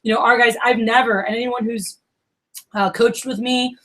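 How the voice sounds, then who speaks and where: A woman's voice: fairly high pitch, steady tone, moderate pace, fairly bright tone. A woman, giving a casual motivational talk to her team at a meeting, full of "like" and "you know". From Miami. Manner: casual and chatty, lots of "like" and "you know", acts out quoted friends. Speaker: division leader giving opening remarks.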